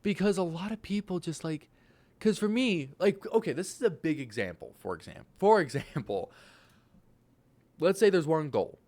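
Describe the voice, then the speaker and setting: A man of twenty-one giving a casual motivational rant, animated and swearing, his voice jumping into loud exclaims. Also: a little high, normal speed. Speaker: vlogger.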